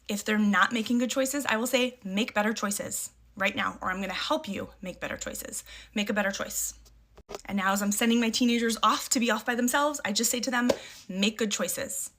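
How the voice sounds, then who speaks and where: A woman's voice: a little high, brisk, fairly bright tone. A middle-aged woman talking casually to camera about parenting. She is emphatic, repeats short catchphrases and acts out the firm replies she gives her kids. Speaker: parent sharing parenting advice.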